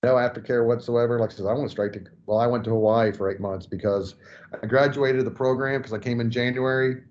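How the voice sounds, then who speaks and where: A man's voice: mid-range voice, steady tone, fairly quick, a little mellow, a little hiss or hum. A man hosting a casual podcast interview, talking in a rambling, conversational way. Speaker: podcast host. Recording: dull lo-fi audio.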